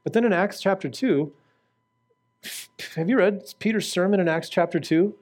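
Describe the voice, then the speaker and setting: Speaking at a moderate pace in a high-pitched voice, a male preacher gives a fervent sermon. He asks his audience questions directly and shifts from shouts to hushed prayer.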